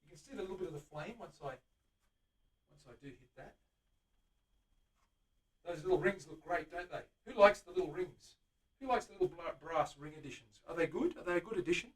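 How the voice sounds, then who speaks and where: A chatty man with a high-pitched voice hosts a live stream from his guitar workshop. He greets viewers by name and hums while he works. His voice sits back from the microphone. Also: lively intonation, fairly quick, pauses often, recorded from a distance. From Australia. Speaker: luthier host. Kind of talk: casual live-stream chat while working.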